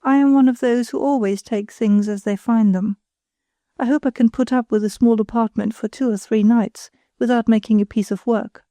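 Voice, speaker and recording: A woman's voice: fairly high pitch, steady tone, moderate pace, dark tone, dry recording, close to an everyday voice. A woman reading the part of a pretentious, self-satisfied married woman who chatters condescendingly. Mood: gushing.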